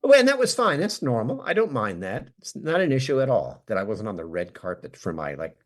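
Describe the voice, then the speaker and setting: Man, American accent, lively swooping pitch, casual interview, self-deprecating storyteller. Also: fairly quick. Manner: animated, self-deprecating storyteller who acts out quotes. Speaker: actor and podcast guest.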